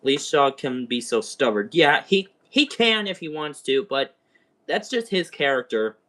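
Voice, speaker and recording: Young guy rambling a spoiler review on stream, kinda high voice, hyped fan energy. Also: measured pace. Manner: excitable, rambling, fan chatter. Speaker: show reviewer. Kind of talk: casual spoken review livestream.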